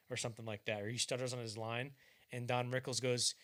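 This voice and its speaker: A young man chats on a podcast, spinning anecdotes in a loose, profane, restart-filled way. His pitch jumps up when he acts out other people's lines, and the delivery stays animated. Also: fairly quick, clear, resonant tone. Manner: animated storyteller, acts out quoted lines loudly and higher; casual and profane, frequent restarts. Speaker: podcast host. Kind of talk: casual chat, telling anecdotes.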